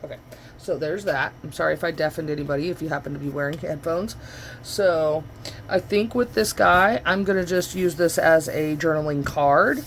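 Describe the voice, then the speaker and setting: A woman with a low voice talks at a moderate pace, with a little hiss or hum in the background. She's a vlogger chatting through a crafting demo in her home studio, rambling and correcting herself, recorded on the camera's built-in mic.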